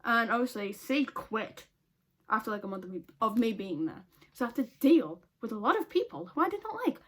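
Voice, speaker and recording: A slightly high-voiced woman, chatting to camera at home in a casual storytime. She talks bluntly, swears freely and laughs often. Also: very animated, a little fast, a bit bright. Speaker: vlogger.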